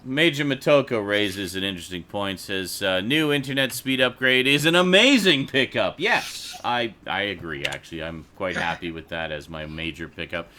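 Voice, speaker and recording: A man's voice: lowish voice, normal speed, sharp tone, slight background noise. A man hosting a casual home livestream chat into a desk microphone, rambling, laughing often and swearing casually. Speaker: livestream host. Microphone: desk USB microphone.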